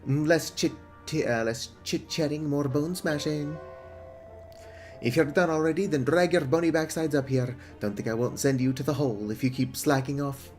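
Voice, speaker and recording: A man's voice: a little high, normal speed, soft background music, natural voice. A man voicing a bossy male prison guard who barks orders and taunts the inmates in a game. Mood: scolding.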